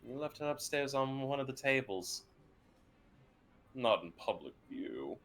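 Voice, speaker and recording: A man voicing a soft-spoken, motherly woman who fusses over others affectionately. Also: mid-range voice, sing-song, a little slow, voice pushed up. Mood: fussing.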